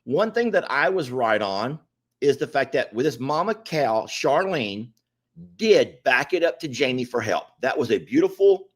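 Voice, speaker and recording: A man, chatting as co-host. His mid-pitched voice swings widely in pitch as he rattles off stories at speed. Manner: fast-talking, animated storyteller. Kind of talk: casual chat.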